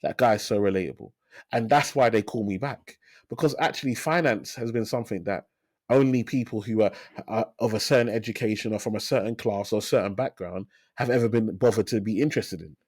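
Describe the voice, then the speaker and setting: A man in his thirties, a financial advisor, talking in a casual interview as an energetic storyteller who repeats phrases for emphasis. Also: fairly low pitch, a little fast, no echo, studio quality. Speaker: financial advisor, podcast guest.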